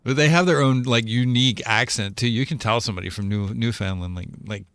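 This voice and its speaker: A man's voice: medium pitch, fast talker, fairly bright tone, clear, resonant tone, dry recording. A man chatting casually while playing a game, joking and rambling. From United States. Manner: joking, rambling, frequent laughs. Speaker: gamer co-host. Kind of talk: casual chat while gaming.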